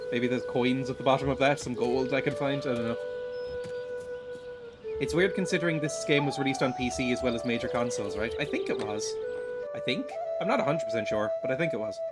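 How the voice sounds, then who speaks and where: A young man giving rambling, self-deprecating gameplay commentary, stumbling and repeating words as he plays at home. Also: medium pitch. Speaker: streamer. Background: game music.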